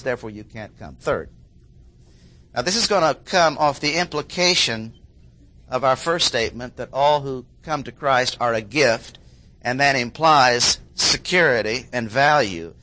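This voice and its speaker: A man preaching an expository sermon, repeating key phrases for emphasis and often clearing his throat. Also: mid-range voice, normal speed, pushed and bright.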